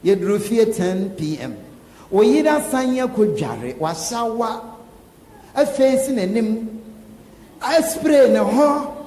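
A man preaching a sermon, animated and often laughing as he talks. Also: high voice, slow, long pauses. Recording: echoey hall with faint ambience.

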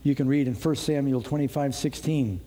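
A man's voice: mid-range voice, moderate pace, dark tone. A man preaching a sermon, reading Bible verses aloud and adding conversational asides to the congregation.

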